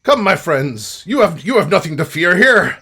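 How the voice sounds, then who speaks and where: A man's voice: high-pitched, sing-song, moderate pace, pushed and bright, husky, pitched above the performer's own voice, exaggerated voice. A man voicing a roguish hooded human man who talks in a thick put-on accent, hearty and effusive. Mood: welcoming.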